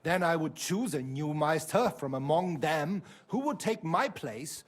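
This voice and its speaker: A proud German fencing master. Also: male voice, fairly high pitch, lively intonation, unhurried. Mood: explaining. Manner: pompous, indignant about his honor.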